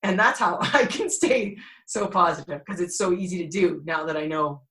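A woman in her forties from Alberta, a podcast guest telling a personal story in a candid, animated way and laughing between heavy moments. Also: fairly low pitch, normal speed, rough recording. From Alberta, Canada.

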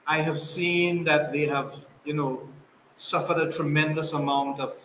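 Male host, bright sharp tone, hesitant questioner, roomy echo. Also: a little high, fairly even intonation, unhurried, a little hiss or hum. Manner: hesitant, uses fillers while asking questions. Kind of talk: interview questions.

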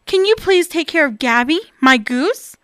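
A woman's voice: sits high, animated, moderate pace, fairly bright tone, no echo, studio quality, voice pushed up. A woman voicing a cheerful, friendly young boy. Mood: eager.

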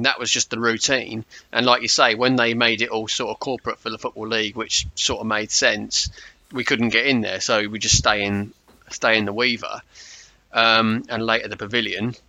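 A man's voice: fairly low pitch, level tone, brisk, gravelly, sharp tone, no echo, low-quality recording. A man in casual conversation, reminiscing about match days and often restarting with repeated words. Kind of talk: casual chat.

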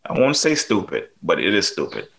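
Jamaican-accented male guest, low voice, casual rambling storyteller. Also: huge pitch swings, a little fast, gravelly, fairly bright tone. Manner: loose, chatty, lots of fillers. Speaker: plumber and landlord. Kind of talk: casual podcast interview.

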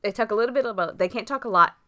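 A woman co-hosting a podcast, chatting in a relaxed, conversational way. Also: fairly high pitch, very fast. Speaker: podcast co-host. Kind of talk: casual chat about reality TV.

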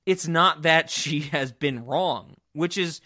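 A man co-hosting a podcast, chatting casually about a movie, joking and animated. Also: on the high side, slow pace. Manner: animated, jokey, breaks into loud yelling bits. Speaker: podcast co-host. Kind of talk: casual movie-review chat.

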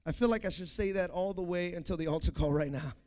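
A young male preacher with a very high voice delivers a sermon in call-and-response style. He repeats key lines and asks the congregation to say words back to him. His delivery swings from quiet, confiding talk to full shouts. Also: quick pace. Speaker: pastor.

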